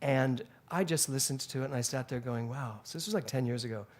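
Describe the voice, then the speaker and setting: A man's voice: medium pitch, quick pace, darkish tone. A male minister giving a Sunday sermon in a spiritual center, telling stories animatedly and laughing along the way.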